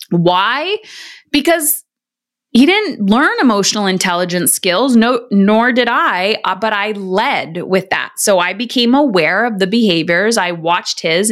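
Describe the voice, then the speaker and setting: Woman host, 30s, casual earnest parenting coach, mid pitch, conversational. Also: fairly bright tone. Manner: earnest, conversational, acts out quoted lines. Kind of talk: casual advice talk.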